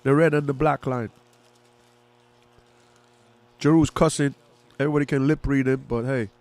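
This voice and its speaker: A man giving casual live football commentary and reaction as a fan, chatty and excitable, rooting for one side. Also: medium pitch, normal speed, dry recording.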